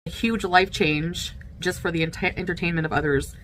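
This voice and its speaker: A woman's voice: on the low side, steady tone, normal speed, a bit bright, slight background noise. A woman content creator talking to her audience, hesitant and filler-heavy. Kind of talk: talking-to-camera vlog clip.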